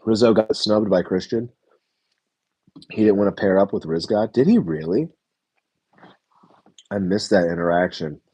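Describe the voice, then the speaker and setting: Low, husky-voiced man rambling. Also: expressive, measured pace, pauses often, darkish tone, lo-fi sound. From United States. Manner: rambling, self-correcting, swears and chuckles. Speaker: reality TV reviewer. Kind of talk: casual reaction review chat.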